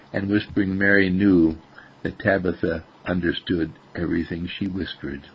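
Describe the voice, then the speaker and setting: A man telling a children's story aloud in a gentle, unhurried way with lively swoops. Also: on the low side, gravelly, slightly rough. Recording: dull lo-fi recording.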